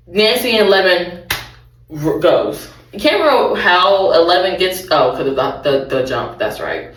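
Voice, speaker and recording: A woman's voice: fairly low pitch, sing-song, normal speed, distant mic. A young adult woman recapping a TV show in a casual, rambling way, correcting herself and adding laughing asides. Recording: roomy, off-mic.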